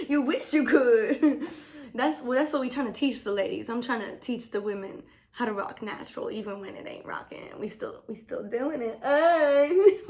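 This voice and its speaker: A woman vlogger chatting casually while getting ready, slangy and profane, laughing often. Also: a little high. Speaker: beauty vlogger. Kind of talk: casual get-ready-with-me chat.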